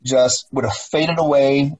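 A man's voice: medium pitch, fairly even intonation, unhurried, darkish tone, dull audio. A middle-aged man, a former police officer, talking emphatically as an interview guest, often repeating himself and asking rhetorical questions. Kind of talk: interview conversation.

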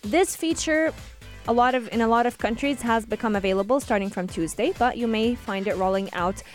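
A woman's voice: fairly high pitch, a little fast. A woman talks through news stories on a radio show in an easy, conversational way, using small fillers as she goes. A faint music bed plays underneath. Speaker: radio co-host. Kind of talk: casual radio talk and news chat.

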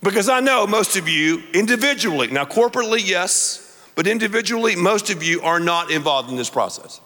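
A man's voice: sits high, expressive, fairly quick, pushed and bright. A middle-aged man preaching a sermon as a pastor, emphatic and repeating words for effect. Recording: long hall reverb.

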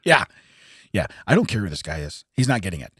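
A man's voice: deep voice, very animated, fairly bright tone, husky, dry recording, clean studio sound. A man in his forties co-hosting a podcast, reading news items aloud and laughing often as he stumbles over the text. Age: 40s. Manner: laughs often, reads haltingly. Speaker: podcast co-host. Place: podcast studio.

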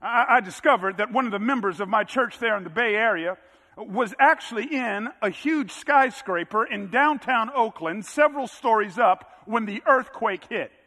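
A man preaching a sermon in a bright, high tenor that cuts through the room. He climbs steadily toward forceful, emphatic peaks. His voice carries a long hall reverb around it. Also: expressive, moderate pace. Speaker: pastor.

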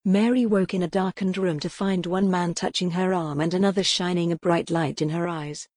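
A woman narrates a gothic novel in a measured, dramatic storytelling voice. Her tone sits a little low. The recording is close and dry, with no room sound. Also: steady tone, a little mellow, no room sound. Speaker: audiobook narrator. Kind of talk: scripted narration.

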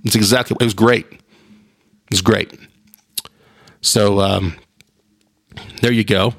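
A man's voice: fairly low pitch, takes it slowly. A man hosting his own podcast, rambling in casual chat with frequent restarts. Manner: rambling, animated, with repeated restarts. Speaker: podcast host.

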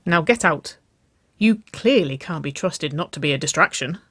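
A reader voicing a playful young woman in a romance story, teasing and breathless, pitched above the narration. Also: expressive, moderate pace, bright, forceful tone, dry recording, studio quality.

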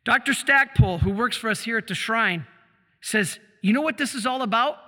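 A man with a high, very bright voice gives a religious teaching talk at a shrine. He is emphatic, poses rhetorical questions and answers them, and slows down whenever he reads a quotation. His voice rings out with the long reverb of a large hall. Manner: slows down when reading quotations aloud. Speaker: preacher at a shrine.

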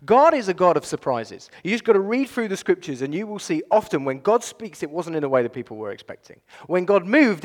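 Pastor preaching in a reverberant church. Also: male voice, a little high. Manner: conversational, animated preaching with filler phrases. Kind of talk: sermon. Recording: long reverb of a church hall.

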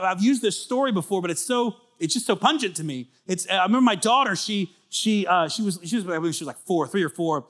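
Emphatic male preacher, conversational. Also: sits high. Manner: conversational preaching, builds to loud emphatic peaks. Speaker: pastor. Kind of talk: sermon.

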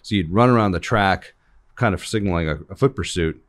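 A man's voice: sits low, a little fast. A middle-aged man co-hosting a casual talk, making blunt arguments and telling personal stories. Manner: argumentative, tells personal anecdotes. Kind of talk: casual conversation.

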